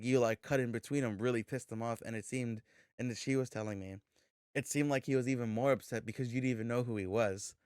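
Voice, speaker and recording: A man co-hosting a podcast, telling a story in a loose, animated way, swearing freely and acting out the dialogue. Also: medium pitch, no room sound, studio quality. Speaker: podcast co-host. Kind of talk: casual storytelling chat.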